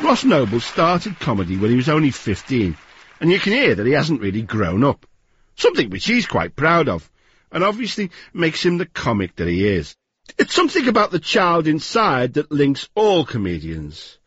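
A man presenting a radio documentary in a measured, wry scripted narration. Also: a little high, wildly swooping pitch, a bit bright, slightly rough, no echo, lo-fi sound, some chatter behind.

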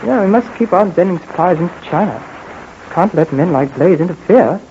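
Eager young American hero, breezy and folksy, high animated voice. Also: male voice, normal speed. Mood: concerned. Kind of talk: 1940s radio acting. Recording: dull old radio recording with faint hiss.

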